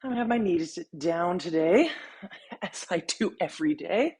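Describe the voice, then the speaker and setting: A woman fitness instructor talking a follow-along workout while she exercises, counting reps, out of breath, relaxed and encouraging. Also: lowish voice, normal speed, breathy edge.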